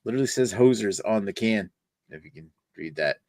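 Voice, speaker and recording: A man's voice: fairly low pitch, animated, brisk, darkish tone, no echo. A man chatting casually on a beer podcast, talking through a can and its label. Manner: chatty, reads can copy aloud with a hammed-up Canadian twang. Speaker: podcast panelist reviewing beer. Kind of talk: casual chat.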